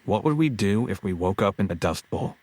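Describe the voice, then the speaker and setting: A man's voice: on the low side, expressive, fairly quick, a little mellow, husky, dry recording. A man co-hosting a scripted podcast, telling history with wry jokes. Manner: joking, wry storytelling. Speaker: co-host.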